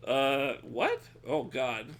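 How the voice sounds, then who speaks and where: A man streaming live, chatting casually with his viewers, cursing freely, laughing often and yelling at chat when excited. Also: medium pitch.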